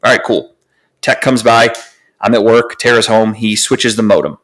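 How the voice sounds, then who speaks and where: A young man co-hosting a podcast, telling a long story in casual chat, animated and profane, with lots of fillers. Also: fairly low pitch, moderate pace. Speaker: podcast co-host.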